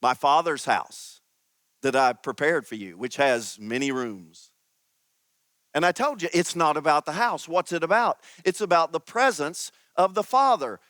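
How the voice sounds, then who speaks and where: A man preaching a sermon as pastor, teaching slowly and emphatically with dramatic pauses. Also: fairly high pitch, animated, fairly bright tone, no echo.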